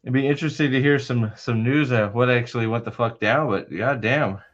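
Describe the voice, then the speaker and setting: A man's voice: medium pitch, fairly quick, dull audio. A man hosting a livestream in casual chat, rambling and swearing heavily, often restarting his sentences. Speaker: livestream host.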